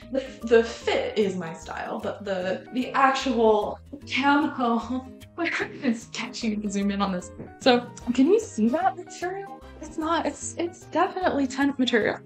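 A woman's voice: fairly high pitch, lively intonation, unhurried, faint music behind. A woman vlogger chatting casually through a try-on haul, rambling and filling her talk with "like" and "um". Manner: rambling, filler-heavy, uses "like" and "um" a lot.

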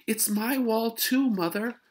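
A man voicing a furious little girl throwing a tantrum, yelling shrilly in a storybook reading. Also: extremely high pitch, slow pace, pitched above the performer's own voice.

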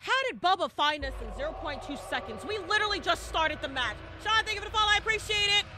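Female streamer, tone, animated live horror-game commentary, high and lively. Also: quick pace, background noise. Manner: chatty, dramatic, swings from hushed to shrieking.

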